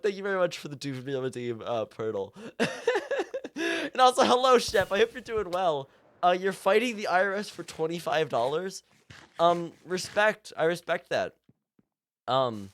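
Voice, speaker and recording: Man, live streamer, rambling improvised tale, stammers and restarts, sudden loud bursts, fairly high-pitched. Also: sing-song, moderate pace. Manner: goofy, stammering with many restarts; breaks into loud shouting bursts.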